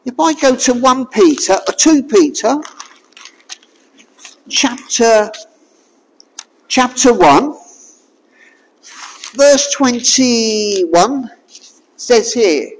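A preacher delivers a sermon slowly and deliberately, pitch swinging widely as questions are put to the congregation. The voice rings out with a long reverb, as in a church hall. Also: very animated. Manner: slow, questioning, draws listeners in with repeated rhetorical questions.

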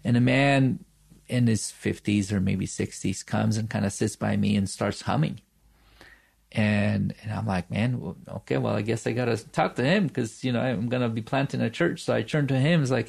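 A man's voice: medium pitch, normal speed, vocal fry, a little mellow, slightly rough. A man, a pastor and church planter, telling personal stories in a podcast conversation, earnest and full of fillers and restarts.

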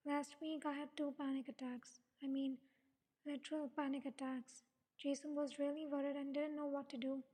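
High, flat woman narrating with reverb. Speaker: fanfiction audio reader. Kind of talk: first-person story narration. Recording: long reverb.

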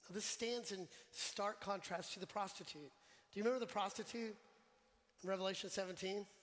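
High-voiced man preaching in an echoing church. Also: brisk, a bit bright. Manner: conversational, quizzes the congregation, jokes. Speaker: pastor. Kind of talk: sermon. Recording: long church hall reverb.

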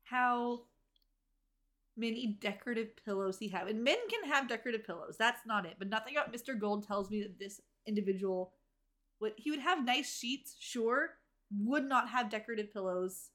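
A woman co-hosting a casual TV recap podcast, talking in a tired, wry way with quick asides and frequent laughs. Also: on the high side, a bit bright. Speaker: podcast co-host recapping a TV episode. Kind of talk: casual chat.

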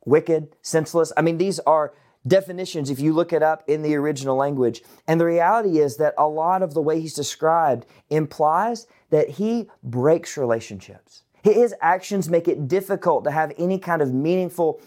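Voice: mid-range voice, moderate pace, a little mellow. A Bible teacher giving a casual, conversational online lesson, with chatty asides to the viewers.

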